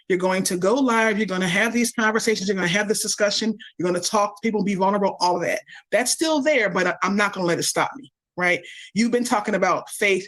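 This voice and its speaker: A woman's voice: mid-range voice, rough recording. Earnest woman guest on a video call. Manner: earnest and halting, many restarts. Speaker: guest on a coaching stream. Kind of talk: conversational interview answer.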